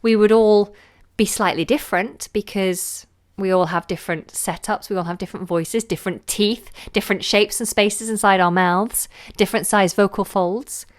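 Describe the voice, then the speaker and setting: A woman, a singing teacher answering viewer questions in a relaxed, chatty way on a live stream. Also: medium pitch, moderate pace. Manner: relaxed, chatty, demonstrates sounds with her voice.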